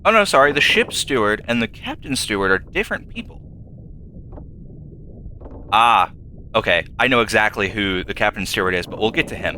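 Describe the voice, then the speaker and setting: Bright-voiced young man musing over a game. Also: lowish voice, slight background noise. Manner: thinking aloud, hesitant, with sudden excited jumps. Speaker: gameplay commentator. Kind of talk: let's play commentary. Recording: faint game music behind.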